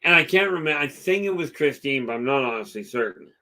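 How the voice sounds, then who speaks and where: Rambling middle-aged male streamer, bright voice. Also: mid-range voice, lively intonation, quick pace, slight background noise. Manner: rambling storyteller, lots of fillers. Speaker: live stream host. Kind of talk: casual chat with live chat viewers.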